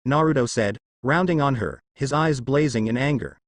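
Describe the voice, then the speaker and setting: A man narrating a fan story in a steady storytelling way. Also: medium pitch, moderate pace, hardly any pauses, dry recording.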